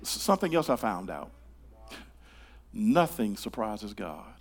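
An older man preaching a sermon in a church, talking to the congregation in a conversational way, with stammered repeated starts that swing from hushed to loud. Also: fairly low pitch, very animated, unhurried. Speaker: pastor. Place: church sanctuary.

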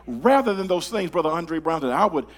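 An older man preaching a sermon in a church, talking to the congregation in a conversational way, with stammered repeated starts that swing from hushed to loud. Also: on the high side, animated, fairly quick. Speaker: pastor. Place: church sanctuary.

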